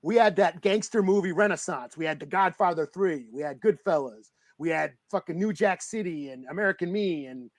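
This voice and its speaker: A man co-hosting a podcast, chatting casually about a movie, rambling, excitable and swearing freely. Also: high-pitched, a little fast, hardly any pauses, no room sound. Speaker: podcast co-host. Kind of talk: casual movie review chat.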